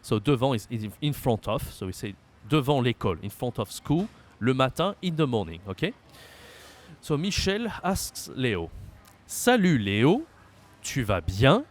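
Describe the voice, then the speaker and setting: Man teaching with lively pitch. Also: normal speed. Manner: explains patiently, reads example lines aloud with lifted emphasis. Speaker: French teacher. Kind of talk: language lesson.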